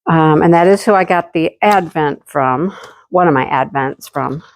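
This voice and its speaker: A woman's voice: sits low, moderate pace. A woman chatting casually to her viewers as she unboxes and shows yarn deliveries for her craft channel. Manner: chatty, talks directly to viewers.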